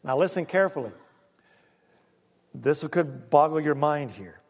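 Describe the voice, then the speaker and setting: A man preaching a sermon as pastor, lively and joking, with emphatic repeated points and asides to his congregation. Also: fairly high pitch, a little slow. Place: church sanctuary. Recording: long reverb of a church hall.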